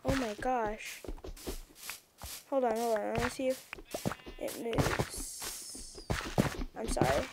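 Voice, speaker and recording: A young woman giving casual, excitable commentary over her own gameplay, easily flustered and exclaiming at what happens on screen. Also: on the high side, moderate pace, gravelly, pauses often, very noisy. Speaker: gameplay streamer.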